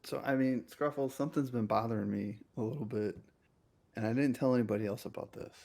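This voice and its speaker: A man's voice: mid-range voice, fast, creaky, a little mellow. A man playing a tabletop game, talking casually and repeating words as he thinks. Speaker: player.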